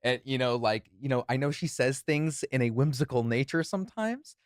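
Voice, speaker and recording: A man co-hosting a podcast, telling a story in relaxed casual chat and chuckling often. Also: medium pitch, moderate pace, no room sound, clean studio sound. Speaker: co-host.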